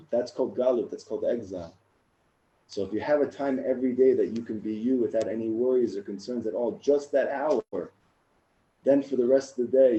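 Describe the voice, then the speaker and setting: A man in his thirties, a rabbi, sharing his own story in a casual, animated talk that gets louder and higher in the funny parts. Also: lo-fi sound. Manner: animated storyteller, rising and loud in funny moments. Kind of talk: casual personal talk to a group.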